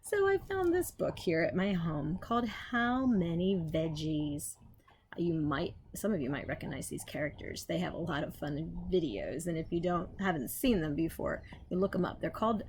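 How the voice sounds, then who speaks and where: A woman teacher slowly sounding out letters and reading aloud to young children outdoors. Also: on the low side, animated, darkish tone, a little hiss or hum. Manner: slow, patient, sounding out letters. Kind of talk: phonics lesson and read-aloud for young children.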